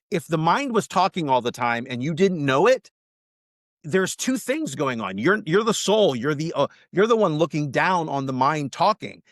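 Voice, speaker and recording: Mindset coach guy on a podcast, emphatic, slightly high voice, dry close sound. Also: no room sound. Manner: emphatic, animated motivational talk. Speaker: guest teaching mindset. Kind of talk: casual podcast interview.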